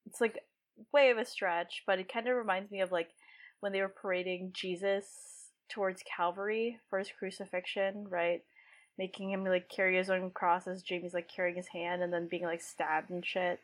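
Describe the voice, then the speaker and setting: A woman's voice: lowish voice, level tone, moderate pace. A woman co-hosting a podcast, chatting casually about a book with lots of filler words. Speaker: podcast co-host.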